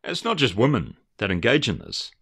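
Earnest man with a lively voice. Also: mid-range voice, moderate pace, slightly rough. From Australia. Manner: earnest and emphatic, with repeated restarts. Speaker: commentator. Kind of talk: rambling video commentary.

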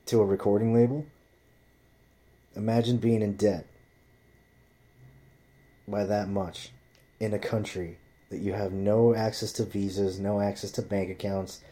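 A man's voice: on the low side, mellow. A man telling rambling stories in casual chat, swearing constantly as he talks. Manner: profane, rambling storyteller.

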